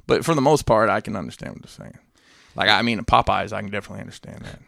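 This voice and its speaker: A man's voice: fairly low pitch, fast talker, creaky, a bit bright, no echo, clean studio sound. A man co-hosting a podcast in casual chat, rambling with restarts and dropping his voice for asides. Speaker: podcast co-host.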